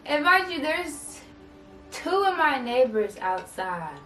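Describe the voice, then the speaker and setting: A young woman tells a storytime vlog with dramatic flair and acts out each line of quoted dialogue. Her voice sits a little high and sounds a bit distant from the mic. Her words echo around a roomy space while faint music plays underneath. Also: big pitch swings, slow, fairly bright tone. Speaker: vlogger.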